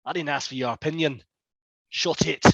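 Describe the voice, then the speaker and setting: A man voicing a gruff, hostile male dwarf doorman who talks curtly and threatens. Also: on the high side, moderate pace, fairly bright tone. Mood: menacing. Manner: curt and threatening.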